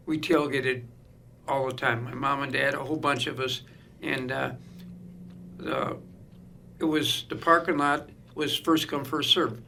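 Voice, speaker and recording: A man's voice: medium pitch, vocal fry, a little hiss or hum. A middle-aged man, telling stories in casual conversation and acting out the other people's lines. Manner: animated storyteller acting out quoted voices. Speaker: guest. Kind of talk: casual storytelling.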